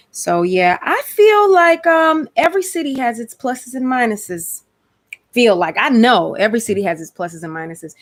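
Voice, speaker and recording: Chatty woman with a Georgia accent. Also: medium pitch. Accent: Georgia, US South. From Atlanta, USA. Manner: chatty, lively, slangy, exclamatory. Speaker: host. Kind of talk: casual live-stream chat.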